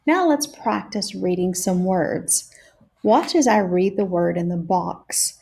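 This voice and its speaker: A woman teacher leading a phonics lesson for young children, sounding out each word slowly and clearly. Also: on the low side, darkish tone. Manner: slow and deliberate, stretching out each sound.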